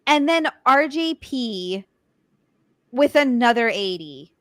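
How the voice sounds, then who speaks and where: A woman's voice: on the high side, very animated, slow, dry recording, clean studio sound. A young woman hosting a casual live stream, giggly and chatty, thanking viewers and swearing offhand. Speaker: streamer host.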